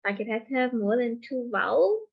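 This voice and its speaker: A woman's voice: fairly high pitch, big pitch swings, normal speed, gravelly, lo-fi sound. A young woman student on an online class call, giggly and unsure of herself.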